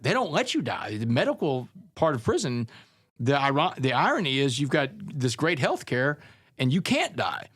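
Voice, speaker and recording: A man's voice: mid-range voice, wildly swooping pitch, normal speed, a bit bright, husky, no room sound, clean studio sound. Earnest man telling a hard story. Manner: earnest, conversational, calls people man and brother. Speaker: guest, author. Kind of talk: storytelling interview.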